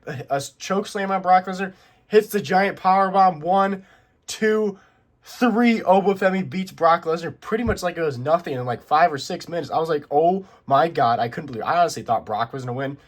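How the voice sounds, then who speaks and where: A young man casually reviewing a wrestling show, rambling excitedly with lots of asides. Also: on the high side. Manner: excited, rambling recap with many "I'm like" asides.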